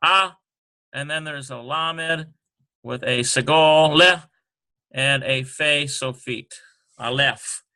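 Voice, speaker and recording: A man slowly working through a language exercise, sounding out syllables and spelling letters one by one. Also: mid-range voice, steady tone, sharp tone, smooth. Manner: slow and halting, sounding out syllables. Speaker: Hebrew teacher. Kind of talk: screen-recorded lesson walkthrough.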